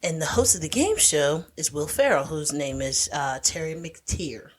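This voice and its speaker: A woman co-hosting a podcast, telling a movie plot in loose, chatty detail. Her voice sits on the low side for a woman. She leans on "like" and "um" as she goes. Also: normal speed, slightly rough. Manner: animated storytelling, heavy "like" fillers. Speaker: podcast co-host. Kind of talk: casual chat recapping a film.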